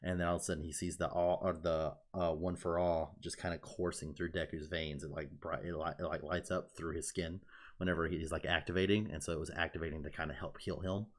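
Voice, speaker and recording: A man with a fairly low voice talks casually on a podcast. He gets excited, swears a lot and scatters "like" through his sentences. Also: fairly quick. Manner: excited, swears freely, many "like" fillers. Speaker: podcast co-host.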